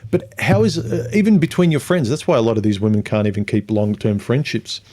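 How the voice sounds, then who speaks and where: A man with a dark, mellow voice hosts a casual livestream. He reads viewer comments aloud and rambles through his answers, now and then mocking other people in put-on voices. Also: mid-range voice, brisk.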